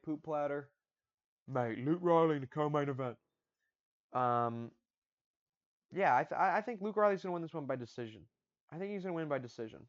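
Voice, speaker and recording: A man hosting a fight-predictions channel, talking casually, repeating his picks and stumbling over restarts. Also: mid-range voice. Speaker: MMA predictions channel host. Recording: dull lo-fi audio.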